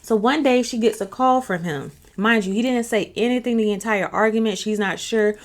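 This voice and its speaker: A woman's voice: fairly high pitch, moderate pace. A woman hosting her own channel, telling a story in a chatty, casual way and often checking in with her listener. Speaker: channel host.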